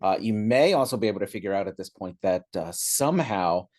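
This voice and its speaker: Podcast co-host, a man with a lowish voice, dry humor, rambling anecdotes full of "uh"s. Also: expressive, a little mellow. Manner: halting, many fillers, dry understated humor. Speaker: teen coach and podcast co-host. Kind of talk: casual chat, personal storytelling.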